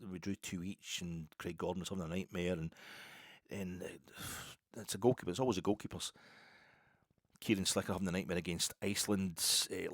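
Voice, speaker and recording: A man's voice: on the low side, no room sound, clean studio sound. An older Scottish man hosting a podcast, telling a self-deprecating story in a rambling, casual way with many restarts. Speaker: podcast host.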